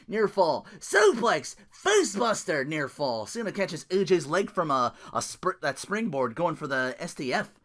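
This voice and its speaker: A man hosting a podcast, recapping wrestling matches in a casual, animated play-by-play, laughing often and swearing freely. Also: a little high, measured pace. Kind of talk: casual solo recap with impressions.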